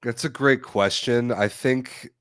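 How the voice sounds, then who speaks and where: A man's voice: medium pitch, slow pace, fairly bright tone, clear, resonant tone, no echo, studio quality. A man co-hosting a casual livestreamed sports chat while fighting off a cold. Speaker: co-host.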